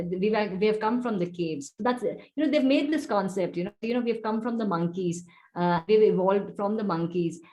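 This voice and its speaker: A woman leads a devotional scripture class over a video call. She talks in a mid-pitched voice that winds through explanations and keeps adding "you know" asides. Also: a little mellow. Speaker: teacher leading a scripture class. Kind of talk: devotional teaching.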